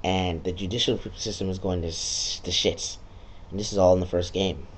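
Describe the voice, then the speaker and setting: A man with a somewhat low voice talks through a video game he just played, casual and loose. He is sarcastic and swears freely, often breaking into quick quoted lines as he retells it. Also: fairly even intonation, a little hiss or hum.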